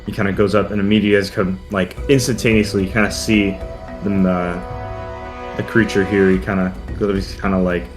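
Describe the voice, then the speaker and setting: A man's voice: lowish voice, flat delivery, brisk. A man narrating as dungeon master in a tabletop game, rambling with fillers and restarts. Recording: music playing behind.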